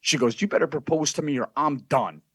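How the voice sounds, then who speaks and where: A man spins a brash, profane story as a podcast guest, acting out the voices of everyone in it. His voice sits at a middle pitch, recorded dry and close with no room sound. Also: a little fast, breathy edge, no echo. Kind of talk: casual storytelling.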